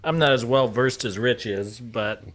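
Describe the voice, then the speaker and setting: A man's voice: medium pitch, normal speed, fairly bright tone. A man on a casual chat show, telling a story in a wry way. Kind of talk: casual banter.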